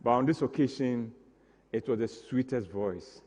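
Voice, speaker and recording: A man's voice: medium pitch, normal speed, darkish tone, big-room sound. A man tells a comic story on stage, acting out the scenes with mock drama. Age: 60s. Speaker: stage performer.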